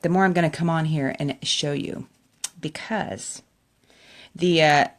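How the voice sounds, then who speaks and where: A woman's voice: low-pitched, unhurried. A middle-aged woman chatting emotionally to her camera while doing her makeup, laughing often. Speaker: makeup vlogger. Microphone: camera in front of her.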